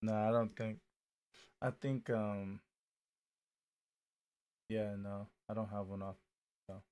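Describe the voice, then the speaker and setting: A man co-hosting a casual chat, reacting to a video with laid-back, often quiet remarks. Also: fairly low pitch, little pitch movement, slow pace, clean tone.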